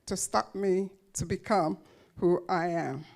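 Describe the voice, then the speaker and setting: A woman giving a motivational speech to an audience, telling her life story with emphatic, dramatic pauses and repeated phrases. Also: lowish voice, vocal fry, a little mellow. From grew up in a children's home. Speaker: motivational speaker.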